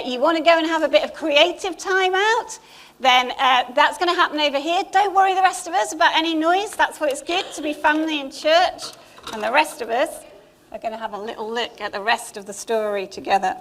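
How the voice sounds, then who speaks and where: A middle-aged English woman speaks from the front of a church, her voice sitting high. She preaches in a loose, conversational way, full of small asides and gentle humour. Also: fairly quick. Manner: chatty and warm, with asides. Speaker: church leader. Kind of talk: informal Easter sermon. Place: church hall.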